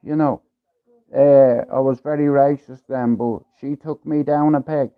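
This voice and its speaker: A man from Ireland telling a rough story on his livestream, blunt and full of swearing, in a casual streetwise way. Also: medium pitch, steady tone, measured pace. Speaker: livestream host. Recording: tinny phone-like livestream audio.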